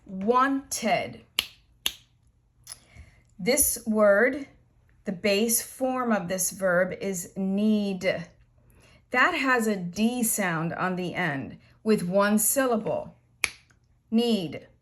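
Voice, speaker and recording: A woman teaching an English grammar lesson, explaining slowly and patiently with repeated examples. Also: medium pitch, animated.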